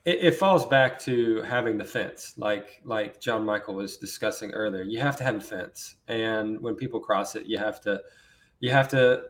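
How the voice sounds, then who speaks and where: A man who co-hosts a podcast, chatting casually and giving earnest, measured advice. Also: on the low side. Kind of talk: casual chat.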